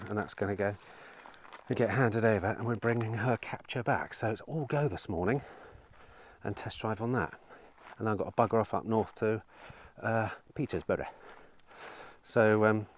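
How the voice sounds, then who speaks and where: A deep-voiced man talking to camera about his day as a car dealer. He rambles casually, swears freely and tells stories with a dry, sarcastic edge. A faint hiss of noise sits under the recording. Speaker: used car dealer vlogger. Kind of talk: casual vlog monologue.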